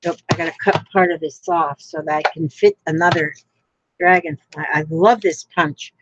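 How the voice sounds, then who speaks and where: A woman's voice: low-pitched, steady tone, moderate pace, muffled recording, background noise. A woman from Florida who chats casually while crafting on a livestream and reads out viewer comments. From Florida, United States.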